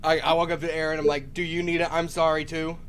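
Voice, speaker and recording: A man playing a tabletop role-playing game, talking in character in an animated, stammering way and laughing often. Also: a little high, quick pace, a crowd in the background. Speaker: player.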